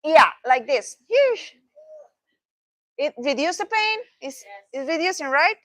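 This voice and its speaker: Slow, emphatic woman trainer. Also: sits high, animated, fairly bright tone, dry recording, poor audio. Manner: slow, emphatic teaching with playful asides and laughs. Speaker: physical therapy trainer. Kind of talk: hands-on training session. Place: training room.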